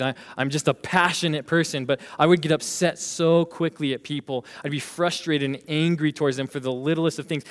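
A young man in his twenties preaching a lively sermon as a youth pastor, laughing now and then and acting out what people say. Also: fairly high pitch. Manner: animated, laughs while preaching, acts out quoted voices. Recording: long hall reverb.

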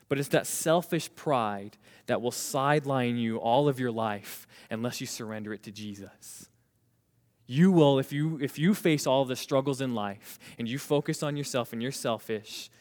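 A man preaching a sermon, leading the congregation in call-and-response and slowing down to stress key phrases. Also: medium pitch. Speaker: pastor. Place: church sanctuary. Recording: reverberant hall.

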